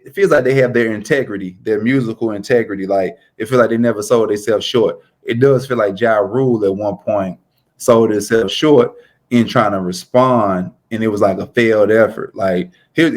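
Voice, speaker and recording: A man co-hosting a podcast, talking in a relaxed, rambling way full of "like" and restarts. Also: fairly low pitch. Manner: relaxed, drawn-out storytelling with frequent "like". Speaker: podcast co-host. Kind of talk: casual chat.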